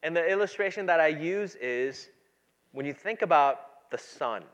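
A pastor preaching a sermon, moving between quiet, low asides and loud, emphatic passages. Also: male voice, expressive, unhurried, highs cut off.

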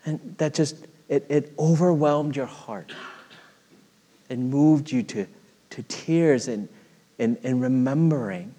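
A middle-aged male pastor delivers a heartfelt sermon, telling personal stories in an earnest voice. He swells louder when stirred and drops to a hush when he reflects. His voice rings out with a long reverb, as if filling a large sanctuary. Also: mid-range voice, slow. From United States.

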